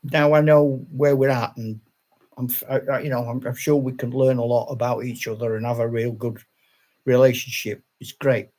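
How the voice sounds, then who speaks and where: A man's voice: medium pitch, little pitch movement, normal speed, darkish tone. An older retired man, a channel host, chatting casually on a live stream, rambling with restarts and laughing often.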